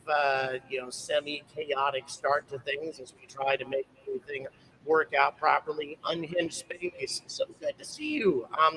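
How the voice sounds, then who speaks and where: Outdoors at a launch site viewpoint, a man hosts a casual live stream, rambling as he thanks viewers and reads out where they're tuning in from. His voice is on the high side and sharp, captured poorly by the microphone on his handheld camera rig.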